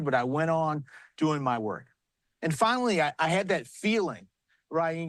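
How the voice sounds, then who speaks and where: A man's voice: on the high side, no room sound. A man with a South Carolina accent, speaking as party chair by remote link from a busy arena, telling a story and giving earnest, rousing remarks. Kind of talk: live remarks on news broadcast. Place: large arena with commotion.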